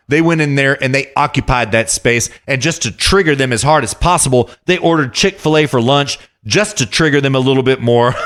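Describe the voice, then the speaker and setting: A man's voice: mid-range voice, a bit bright. A man hosting a podcast, delivering a heated, profane political rant full of repeated jabs. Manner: heated ranting, profane, repetitive. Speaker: podcast host.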